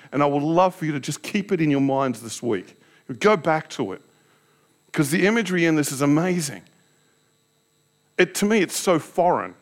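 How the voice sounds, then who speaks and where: A pastor preaching a sermon in a candid, self-deprecating way, telling personal stories and asking his listeners rhetorical questions. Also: on the high side.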